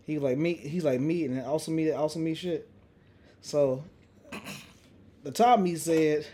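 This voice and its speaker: A young man hosting a casual podcast, telling a story in a profane, animated way with lots of restarts. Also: a little high, measured pace, long pauses, a little hiss or hum. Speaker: podcast host. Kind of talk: casual chat.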